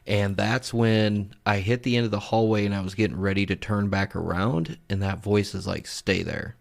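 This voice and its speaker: A man's voice: lowish voice, steady tone, moderate pace, creaky. A man hosting a podcast, casually narrating recorded clips in a laid-back way and swearing freely. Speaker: podcast host.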